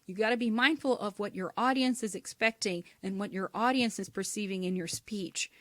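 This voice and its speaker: A woman giving an instructional talk on speaking skills in a clear, measured way, sometimes demonstrating intonation. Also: medium pitch, no echo. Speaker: teacher.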